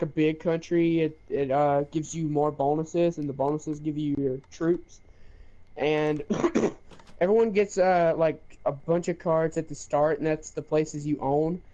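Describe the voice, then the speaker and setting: Young man, high voice, animated storytelling, swearing, muffled lo-fi sound. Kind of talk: casual chat.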